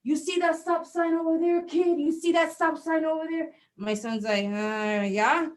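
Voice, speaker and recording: A woman's voice: high-pitched, normal speed. A middle-aged woman doing a stand-up comedy set, telling a story and acting out the voices in it. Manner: animated storytelling, acts out dialogue.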